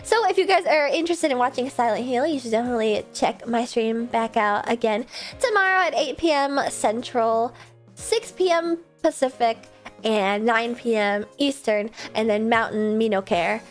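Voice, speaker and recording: A woman streamer chatting casually and rambling at the end of a gaming stream, sleepy and a little hoarse. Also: a little high, expressive, moderate pace. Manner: chatty, rambling, self-deprecating. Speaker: video game streamer. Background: faint background music.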